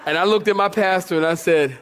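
Male preacher, lively storyteller, somewhat high voice, repeats lines and questions the congregation. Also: brisk, slight background noise. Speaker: pastor. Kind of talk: sermon with a humorous personal story.

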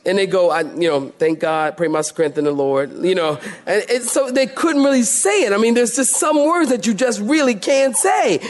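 A man preaching a sermon, animated and joking, acting out voices from the story. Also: very high voice, normal speed, few pauses. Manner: animated, laughs while preaching, acts out quoted voices. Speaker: pastor.

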